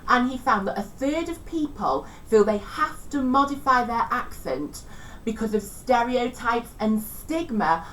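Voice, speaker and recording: A woman's voice: a little high, animated, unhurried, a bit bright, recorded from a distance, slight background noise, rough recording. Chatty woman teaching a revision lesson. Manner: chatty, self-deprecating, tries out regional accents.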